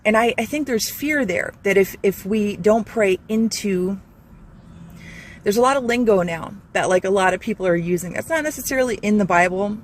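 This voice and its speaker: A woman's voice: medium pitch, normal speed, a little hiss or hum. A woman hosting a Christian channel, giving an earnest, rambling devotional talk full of fillers and restarts. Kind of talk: informal devotional talk to camera.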